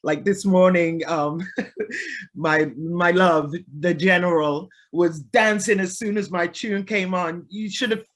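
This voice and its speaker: A woman from Liverpool with a softened Liverpool accent, a guest musician chatting casually in an interview. She talks easily, laughs often and trails off with ums. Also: on the low side, takes it slowly. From Liverpool, England.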